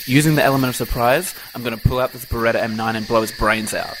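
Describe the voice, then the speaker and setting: An actor playing an earnest, lovesick radio host in a comedy radio play. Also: male voice, medium pitch, fast talker, noisy background, close to an everyday voice. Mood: tense. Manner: earnest, dramatic. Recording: music playing under the voice.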